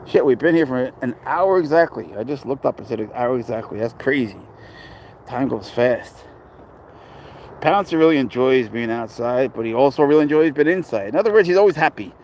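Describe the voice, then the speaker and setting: A man's voice: medium pitch, expressive, a little fast, a little mellow, a little hiss or hum, poor audio. A man casually chatting on a livestream about his pet, rambling and blunt, swearing freely as he reads and answers comments outdoors.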